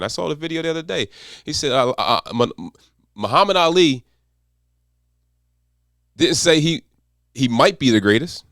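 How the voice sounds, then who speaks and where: Male accountability coach, motivational monologue, swooping lively delivery, dry close sound. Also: fairly high pitch, normal speed, long pauses, no room sound. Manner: repetitive, emphatic mantras.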